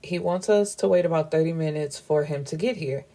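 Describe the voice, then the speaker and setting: A woman's voice: deep voice, brisk, dark tone. A woman book reviewer casually recapping a novel's plot, chatty and gushing, with lines of dialogue retold in between.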